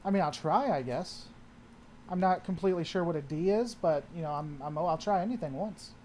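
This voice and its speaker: A man's voice: on the high side, fairly quick, darkish tone, a little hiss or hum. A man hosting a casual livestream, answering chat and often trailing off and restarting his sentences.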